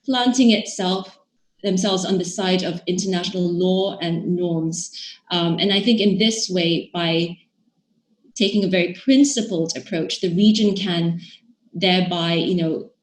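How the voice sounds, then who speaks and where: A woman guest expert giving measured podcast interview answers, with frequent fillers and restarts. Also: on the low side, roomy sound.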